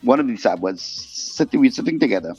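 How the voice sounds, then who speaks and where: A man being interviewed as a guest singer, telling stories in a lively way and acting out the voices of the people in them. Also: mid-range voice, fast, slightly rough. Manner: animated storyteller, acts out quoted voices. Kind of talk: storytelling interview chat. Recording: muffled podcast audio with faint music.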